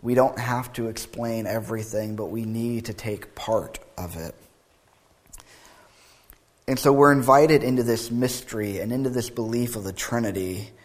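Pastor, male, mid-pitched voice, preaching earnestly and reading a creed with mounting emphasis. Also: normal speed. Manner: thinking aloud, with repeated words and restarts. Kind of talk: sermon.

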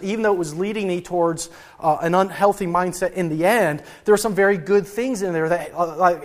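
A man preaching a sermon in an earnest, personal way, often restarting and repeating words. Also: high-pitched. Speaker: pastor.

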